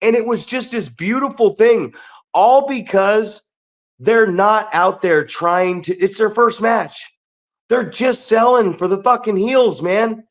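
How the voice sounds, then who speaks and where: A man with a fairly high voice hosts a casual podcast. He tells stories in an animated, swearing, storytelling way, like a wrestling coach talking shop. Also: slow.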